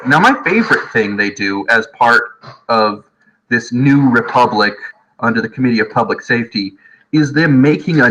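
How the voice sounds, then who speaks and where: A man teaching history from home in a casual, jokey lecture, often slipping into quick voices of historical people. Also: mid-range voice, sharp tone, dull audio.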